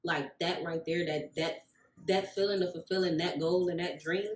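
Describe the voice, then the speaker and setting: A woman's voice: on the low side, normal speed. A woman tells a long personal story in a casual vlog, acting out the voices of the people in it. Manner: animated storyteller, acts out quoted voices. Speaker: vlogger, rug maker. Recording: echoey room.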